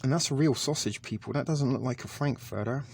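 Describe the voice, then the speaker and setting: Here a man speaks a little fast in a mid-range, gravelly voice with a breathy edge. He's casually reviewing a ration pack on camera for a food vlog, chatting hesitantly with many ums.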